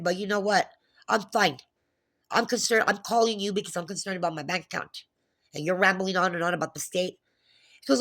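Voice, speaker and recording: A woman's voice: fairly low pitch, fairly quick, fairly bright tone. Agitated, cursing woman vlogger. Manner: agitated, profane retelling with frequent restarts. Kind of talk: casual monologue.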